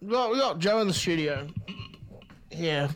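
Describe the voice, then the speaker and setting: A man's voice: a little high, animated, moderate pace. A male radio co-host with a nasal voice, talking in a studio with goofy, self-mocking humor. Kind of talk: casual radio banter. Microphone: studio mic with pop filter.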